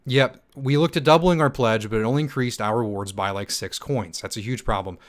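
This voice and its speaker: A young man hosting a livestream Q&A, reading chat comments aloud and answering in a hyped, fast manner with many ums and restarts. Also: medium pitch. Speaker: stake pool operator and channel host.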